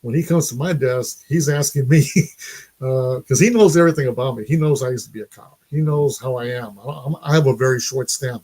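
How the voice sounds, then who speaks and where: A man's voice: mid-range voice, a little fast, a little mellow. Chatty middle-aged man streaming live. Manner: chatty, laughs often. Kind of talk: casual live stream chat.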